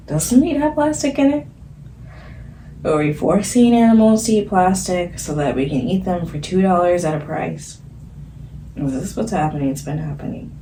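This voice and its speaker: Dreamy, rambling woman with lively pitch. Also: slight background noise, poor audio. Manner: rambling, dreamy, giggly, drifting between topics. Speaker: spiritual channeler vlogger. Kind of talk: late-night stream-of-consciousness channeling.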